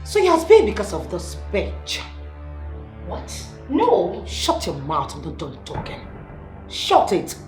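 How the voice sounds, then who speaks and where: A woman's voice: lowish voice, huge pitch swings, slow pace, darkish tone, exaggerated voice. A woman with a Nigerian accent playing a defiant, taunting wife in a film scene. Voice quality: taunting, dismissive. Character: brash defiant wife, adult, provocative. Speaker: estranged wife. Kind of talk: Nollywood film acting. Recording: echoey room with music behind.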